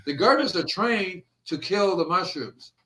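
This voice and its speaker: A man hosting a gardening show, chatting casually and telling animated stories that he acts out. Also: sits high, moderate pace. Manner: animated storyteller, acts out quotes. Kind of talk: casual podcast chat.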